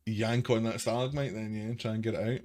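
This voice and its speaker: A man's voice: on the low side, steady tone, quick pace, a little mellow, slight background noise. A man narrating a tabletop game as game master, with a hesitant, filler-laden way of talking. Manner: hesitant, many repeated fillers.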